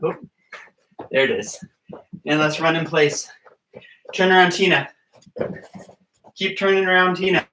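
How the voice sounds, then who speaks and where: A man's voice: a little high, unhurried, long pauses, pushed and bright, distant mic, slight background noise. A young adult man leading a gymnastics class for young children in an upbeat, coaxing way, often checking in with "all right?". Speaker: gymnastics coach. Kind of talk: online kids' exercise class. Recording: echoey room, away from the mic.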